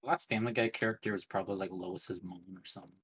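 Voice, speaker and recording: A man playing along as a contestant in a casual quiz, relaxed and enthusiastic. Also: sits low, fast talker, breathy edge.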